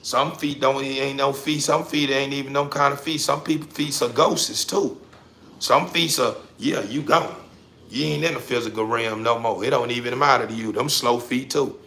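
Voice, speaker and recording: A man giving a preachy motivational rant straight to the listener, repeating his points and swinging from low muttering to loud emphatic bursts. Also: fairly even intonation, normal speed, creaky, slight background noise. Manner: preachy, addresses listener directly, repeats himself. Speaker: social media commentator. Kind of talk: motivational street-talk rant.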